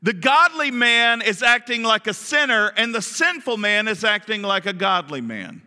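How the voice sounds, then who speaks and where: A man preaching a sermon as pastor, animated and often asking his listeners questions. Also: high voice, normal speed, big-room sound. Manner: animated, asks the congregation questions.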